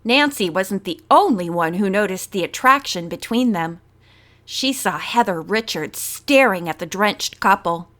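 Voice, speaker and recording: A woman narrating a mystery novel as an audiobook reader in a steady, measured manner. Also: medium pitch. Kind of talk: reading a novel aloud.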